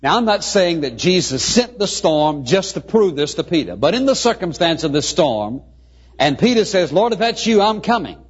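A male pastor preaching a sermon with earnest, drawn-out emphasis on key words, on a muffled lo-fi recording. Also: a little high, big pitch swings, husky.

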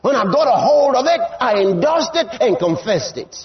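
A man preaching a sermon in an emphatic style, repeating his lines and rising to shouts. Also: extremely high pitch, big pitch swings, normal speed, highs cut off.

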